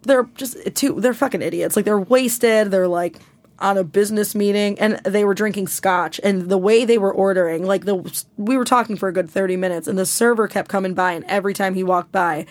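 A woman's voice: medium pitch, brisk, no echo. Profane young woman telling a story. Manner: profane, animated, rambling storytelling. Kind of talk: casual storytelling chat.

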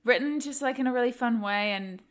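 A woman's voice: a little high, a little fast. A woman from Canada co-hosting a podcast, chatting casually and filling her talk with "like". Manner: chatty, frequent "like" fillers. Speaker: podcast co-host. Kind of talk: casual chat.

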